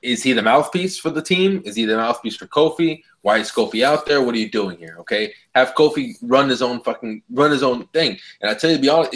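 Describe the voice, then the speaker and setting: A man's voice: medium pitch, fairly bright tone. A man co-hosting a casual podcast, ranting heatedly with lots of swearing. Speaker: podcast co-host. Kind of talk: casual wrestling chat.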